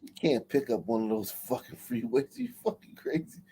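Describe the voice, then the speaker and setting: A man's voice: medium pitch, wildly swooping pitch, normal speed, creaky, mellow, breathy edge, poor audio. A male livestream host giving casual, profane, mocking reaction commentary.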